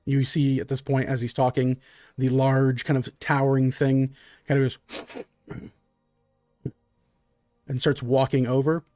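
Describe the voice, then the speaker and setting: A man narrating a tabletop game as game master in a relaxed, filler-heavy way. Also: mid-range voice, a little slow, long pauses, no echo, clean studio sound, faint music behind.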